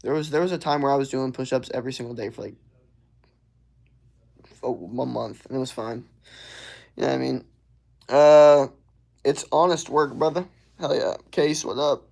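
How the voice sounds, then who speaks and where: Young guy on stream, chill drawl, kinda gravelly. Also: medium pitch, moderate pace, long pauses, a little mellow. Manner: laid-back, drawling, says "bro" and "hell yeah" a lot. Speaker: livestreamer. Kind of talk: casual livestream chat reading viewer comments.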